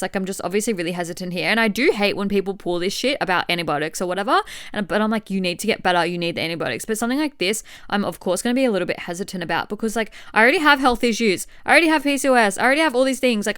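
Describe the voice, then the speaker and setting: A young woman in her twenties talks casually on her solo podcast. Her voice is smooth and clear, with a dry, close sound and no room echo. She swears freely and acts out conversations as she tells them. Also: mid-range voice. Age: 20s. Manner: chatty, swearing, animated retelling with quoted dialogue. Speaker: podcast host. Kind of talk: candid solo podcast chat.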